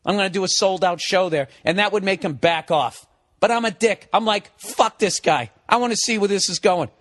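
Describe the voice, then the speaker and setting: A man, a comedian guest in a podcast studio, telling a profane comic story into a studio mic, dropping to low mutters and then climbing into high, excited rants. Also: fairly quick.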